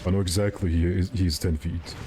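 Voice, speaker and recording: A man's voice: low voice, little pitch movement, fairly quick, noisy background. A young man streaming a game, chatting casually and rambling with his viewers while he plays. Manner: rambling, joking, answers chat.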